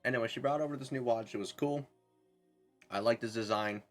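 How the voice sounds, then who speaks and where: A man's voice: mid-range voice, fairly quick, soft background music. A young man streaming a game, chatting casually in a rambling, self-correcting way. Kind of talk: casual chat while gaming.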